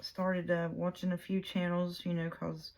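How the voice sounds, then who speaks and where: A woman's voice: lowish voice, completely flat delivery, measured pace, very noisy. A woman chatting casually while she works on a junk journal, rambling with many fillers and restarts. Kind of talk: casual chat while crafting.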